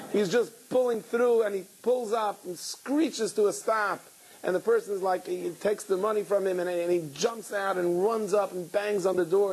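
A man giving an animated storytelling talk to a live audience as a guest speaker, with dramatic pauses. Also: high-pitched, slightly rough, rough recording. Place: event hall with an audience.

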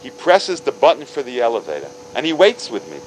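Animated storytelling man in his fifties. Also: brisk, a little hiss or hum, low-quality recording. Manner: animated, acting out dialogue with big pitch jumps; sprinkles Hebrew and Yiddish terms. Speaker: speaker telling stories to a religious audience. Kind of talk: storytelling talk.

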